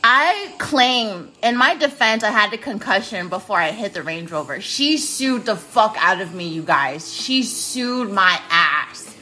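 A woman's voice: medium pitch, expressive, unhurried, few pauses, pushed and bright, faint music behind. A woman in her twenties hosting a podcast from her kitchen, telling stories in a blunt, profane, self-mocking way. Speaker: podcast host. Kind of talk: casual storytelling monologue. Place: home kitchen.

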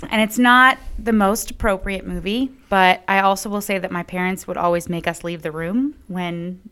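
A woman's voice: mid-range voice, steady tone, moderate pace, fairly bright tone, smooth. A woman co-hosting a podcast, chatting casually with many filler words and light laughs. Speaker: podcast co-host. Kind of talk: casual chat.

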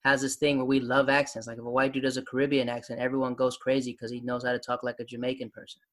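Fast-talking male host. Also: medium pitch. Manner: fast, animated storyteller. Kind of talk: casual conversation.

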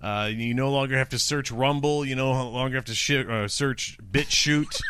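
A man co-hosting a talk podcast, joking with his partner, plugging the show and reading a Bible passage slowly. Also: mid-range voice, a bit bright, clear, resonant tone, no room sound. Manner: jokey, plugs the show, reads verses slowly. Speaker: podcast co-host. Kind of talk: casual chat and scripture reading.

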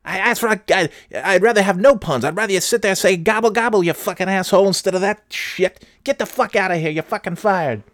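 A man's voice: high voice, fast talker, few pauses, dry recording, studio quality, voice pushed up. A man ranting as a furious cursing anchor boss. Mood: enraged. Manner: yelling insults, cursing nonstop. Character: furious foul-mouthed male news anchor boss.

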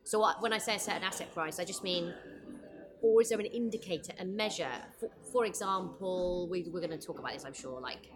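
A woman guest chatting over lunch in a restaurant, quick and self-deprecating, with many fillers. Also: fairly low pitch. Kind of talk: casual chat over lunch. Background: background music.

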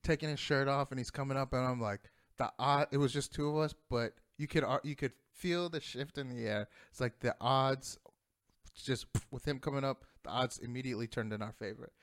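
Man, casual storyteller, profane and rambling, smooth tone. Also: medium pitch, fairly quick. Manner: profane, rambling, laughs often.

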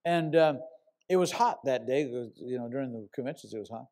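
A man's voice: mid-range voice, brisk, a little mellow. A middle-aged man, a pastor, preaching a sermon and telling a story with emphatic, repeated words.

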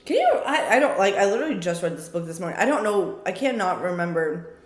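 A woman co-hosting a casual podcast chat, chatty and quick with laughing asides. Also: mid-range voice, expressive, echoey room. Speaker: podcast co-host.

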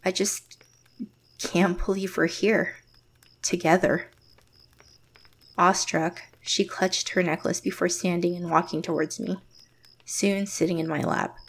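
An actress playing a closed-off, reserved young woman, narrating her story in first person in a quiet, measured way. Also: fairly low pitch, fairly even intonation, a little hiss or hum. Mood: guarded. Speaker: narrator and lead character.

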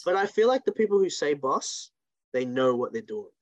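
A man's voice: fairly high pitch, sing-song, moderate pace, no echo. A man, co-hosting a podcast in a laid-back, joking way. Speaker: podcast co-host. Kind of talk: casual chat.

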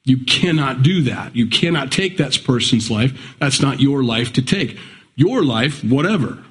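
A man's voice: medium pitch, expressive, measured pace, fairly bright tone. A man preaching a conversational sermon as pastor, reading scripture and rising into emphatic pleas.

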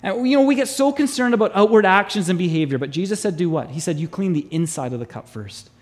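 A male pastor preaching a sermon to his congregation, animated and acting out voices in the stories he tells. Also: high voice, quick pace.

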